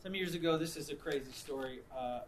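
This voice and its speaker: A man preaching, mixing reflection with an animated story in which he acts out the people involved. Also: fairly high pitch, a little fast, slight background noise. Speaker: pastor. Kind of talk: sermon with storytelling.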